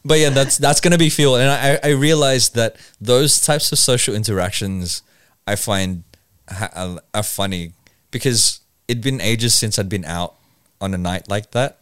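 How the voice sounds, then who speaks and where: Sex: man. Role: podcast host and comedian. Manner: rambling, animated storytelling. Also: fairly low pitch, normal speed, smooth, no echo. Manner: animated storyteller who acts out quotes, rambling with restarts. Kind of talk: casual chat.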